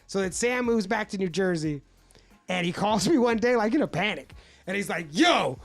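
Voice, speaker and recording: A man's voice: sits high, lively intonation, moderate pace. A man hosting a casual podcast, telling a wild story with lots of laughter and swearing. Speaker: podcast host.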